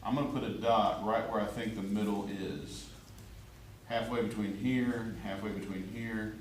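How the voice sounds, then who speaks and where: A man's voice: fairly low pitch, steady tone, normal speed. Man teaching a drawing class. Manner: chatty, joking, checks in with the class. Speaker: art teacher. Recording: echoey classroom from far off, faint room noise.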